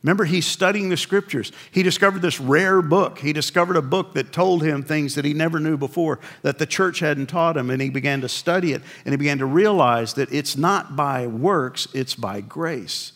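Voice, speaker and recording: A man's voice: fairly high pitch, moderate pace, hardly any pauses, fairly bright tone. An older male pastor preaching a sermon in a conversational storytelling way, with wry acted asides.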